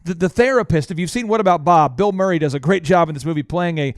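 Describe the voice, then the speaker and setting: A man's voice: fairly high pitch, quick pace, no room sound. A man hosting a casual radio talk show, jokey and emphatic, in a dry studio. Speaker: host.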